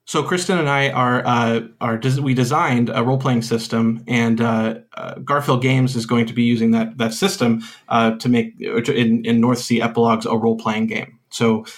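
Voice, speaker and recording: A man, a game designer appearing as a podcast guest, talking hesitantly with many pauses and restarts. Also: medium pitch, a bit bright. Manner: hesitant, full of uhs and restarts. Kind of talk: casual interview chat.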